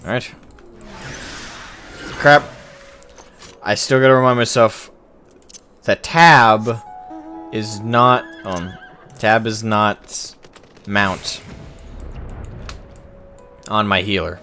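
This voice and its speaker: A man's voice: lowish voice, drawn-out words, long pauses, pushed and bright, soft background music. A man streaming a game, chatting casually and self-mockingly with viewers. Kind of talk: casual gameplay commentary.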